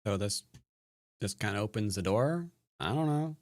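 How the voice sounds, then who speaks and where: A man's voice: lowish voice, lively intonation, normal speed. Wry, rambling man muttering over a game. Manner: rambling self-talk, trailing off into mutters; joking, wry asides. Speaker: Go player and teacher streaming a game. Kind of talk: casual live-stream game commentary.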